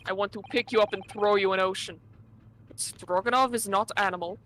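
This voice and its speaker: A woman's voice: medium pitch, steady tone, a little fast, fairly bright tone, slight background noise, pitched below the performer's own voice, close to an everyday voice, low-quality recording. A woman voicing a blunt male Russian ship steward in a put-on Russian accent, dropping little words as she reads a game's lines. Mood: gruff. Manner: drops articles, curt. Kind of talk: game dub read-along.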